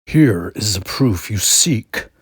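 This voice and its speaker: Man reading as a menacing alien deity, slow, low and hushed, dry sound. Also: animated, slightly rough, dry recording, full character voice. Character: wrathful godlike alien entity, menacing.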